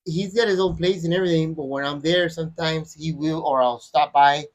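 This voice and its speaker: A middle-aged man, a guest on a podcast, chatting casually in a relaxed, rambling way. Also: fairly high pitch, brisk. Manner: relaxed, rambling, with frequent "you know". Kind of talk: casual chat.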